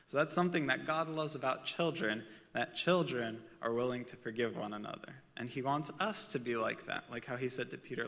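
A man's voice: medium pitch, a little fast, gravelly, a bit bright, long reverb tail. A man preaching a casual sermon with personal stories, talking in a conversational way with chatty asides.

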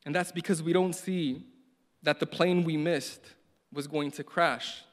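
A man's voice: on the high side, steady tone, a little slow. A man preaching a sermon in an earnest way, often repeating words and building to emphatic stresses. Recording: long hall reverb.

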